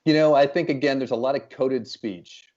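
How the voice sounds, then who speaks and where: A man guesting on a comedy show, deadpan and halting, stalling with fillers before the punchline. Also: medium pitch, lo-fi sound.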